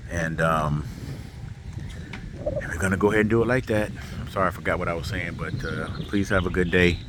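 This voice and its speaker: A man talking in a casual personal vlog outdoors, reflective and halting, close to tears, speaking into a handheld camera as he walks. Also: sits low, fairly even intonation, noisy background. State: tearful. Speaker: vlogger. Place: outdoors walking in a neighborhood.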